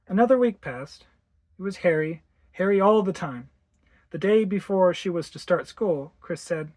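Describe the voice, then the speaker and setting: A narrator reading a ghost story aloud in an expressive way, acting out the dialogue. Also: medium pitch, normal speed, no echo. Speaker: audiobook narrator.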